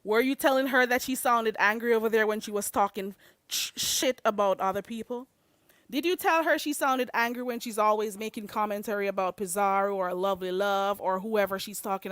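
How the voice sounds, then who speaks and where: A young woman with a Jamaican accent rants at her livestream chat, confrontational and cutting, and slips into patois as she pushes her point. Her voice sits a bit high, and the sound is dry and close with no room around it. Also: fairly bright tone, no room sound. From Caribbean.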